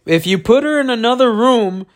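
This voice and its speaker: A man's voice: very high voice, animated, moderate pace. A congested man co-hosting a casual chat, rambling, swearing a lot and laughing often. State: congested, coughing. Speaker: podcast co-host.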